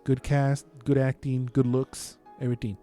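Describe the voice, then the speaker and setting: A man's voice: mid-range voice, moderate pace, soft background music. A man co-hosting a podcast in casual chat, swearing freely and talking with emphatic energy. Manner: profane, animated and emphatic. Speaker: podcast co-host.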